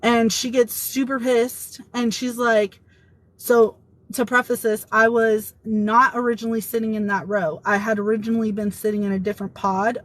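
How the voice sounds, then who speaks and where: A woman telling a workplace story straight to the camera in a casual vlog. She talks in an animated way, acting out what her coworkers said, at a middle pitch. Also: no room sound, low-quality recording. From Italian heritage. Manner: animated retelling, quoting others.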